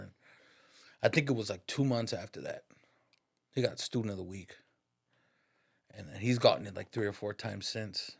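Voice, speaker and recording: A man's voice: lowish voice, normal speed, vocal fry, pauses often, breathy edge. Slangy man telling a story. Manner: slangy and profane, peppers talk with "dog" and "bro". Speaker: podcast guest, barber. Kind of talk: casual storytelling.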